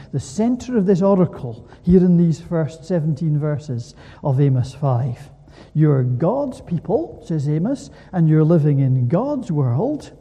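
A man preaching a sermon in an animated way, full of rhetorical questions, in a church. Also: fairly high pitch, slightly rough, big-room sound.

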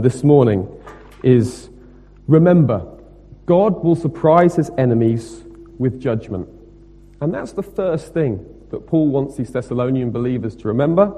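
A man preaching a sermon, emphatic and rhetorical, moving between loud stressed points and quieter asides. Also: mid-range voice. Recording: long reverb of a hall.

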